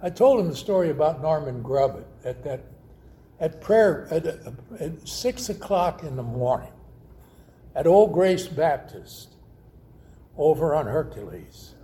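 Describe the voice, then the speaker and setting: Slow, soft-toned male preacher. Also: fairly high pitch, lively intonation. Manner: slow, storytelling with quoted voices. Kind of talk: sermon.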